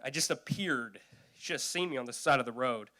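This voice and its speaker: A young man performing a stand-up comedy routine, telling a story with lively shifts and squeaky put-on voices for the people he quotes. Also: fairly quick. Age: young adult. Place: youth event stage.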